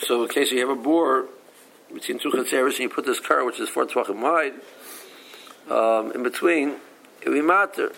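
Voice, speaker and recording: Gravelly man teaching Talmud. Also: medium pitch, normal speed, a bit bright, a little hiss or hum, poor audio. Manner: reads Aramaic text then explains in English, with frequent restarts. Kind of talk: casual Talmud class, reading and explaining.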